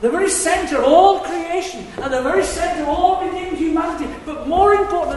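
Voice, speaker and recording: A man preaching a sermon, swinging between hushed asides and loud, emphatic declarations. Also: very high-pitched, brisk, hardly any pauses, a little hiss or hum. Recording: echoey hall, distant mic.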